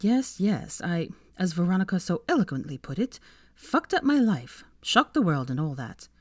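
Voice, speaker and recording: A woman's voice: big pitch swings, no room sound, studio quality. A woman reading aloud and voicing a clever, prickly young witch in a raised, exasperated tone. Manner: raised pitch, brisk and exasperated.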